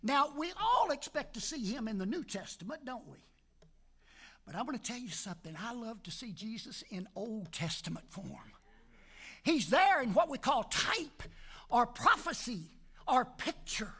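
A man's voice: extremely high pitch, sing-song, normal speed, sharp tone, husky. An older man preaching a folksy sermon in a church, joking with the congregation and calling out amen between Scripture readings and prayer. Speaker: pastor. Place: church sanctuary.

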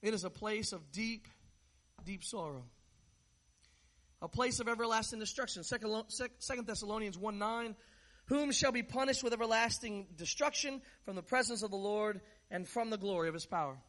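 Very high-voiced preacher man. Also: normal speed, a bit bright. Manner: conversational, joking storyteller. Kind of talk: sermon.

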